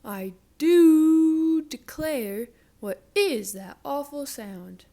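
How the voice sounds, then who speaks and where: A woman voicing an excitable female cow in a children's storybook, high, breathless and shrill. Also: very slow, heavily acted. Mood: startled.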